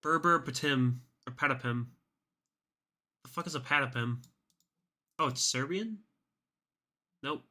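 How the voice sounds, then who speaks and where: A man's voice: mid-range voice, normal speed, pauses often, pushed and bright. A man streaming live from his computer, talking casually as he looks things up, swearing and laughing at himself as he rambles.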